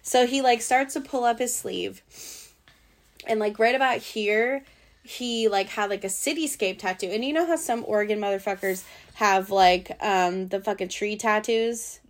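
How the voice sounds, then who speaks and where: A young Pacific Northwest woman with a mid-range voice talks at normal speed. Guesting on a podcast, she describes a bad date to the host in casual storytelling that rambles and is laced with fillers and profanity.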